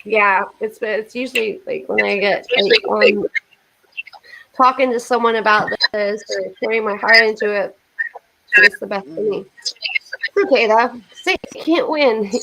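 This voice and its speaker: A woman's voice: mid-range voice, unhurried, creaky, a crowd in the background, poor audio. A woman hosting a casual livestream chat, emotional and prayerful, blessing her viewers, with a cough. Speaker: livestream host.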